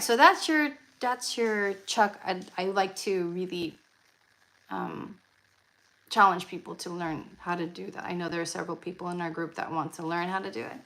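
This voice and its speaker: A woman's voice: fairly low pitch, creaky, fairly bright tone, rough recording. A woman leading a live-streamed ukulele lesson, chatty with fillers and restarts, often counting beats aloud. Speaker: ukulele club leader. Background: ukulele playing.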